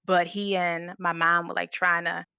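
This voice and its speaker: A woman's voice: on the low side, little pitch movement, normal speed, vocal fry, sharp tone, clear, resonant tone, no room sound, studio quality. A woman from Baltimore in her thirties, talking casually and thoughtfully as a podcast guest, full of "like" fillers. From Baltimore, United States. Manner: thoughtful, leans heavily on "like" fillers. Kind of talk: casual reflective conversation.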